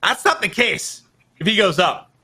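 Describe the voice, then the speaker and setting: Dude co-casting esports, jokey teasing banter, kinda high bright voice. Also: male voice, lively intonation, normal speed, slightly rough. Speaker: esports co-caster. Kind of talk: live esports commentary.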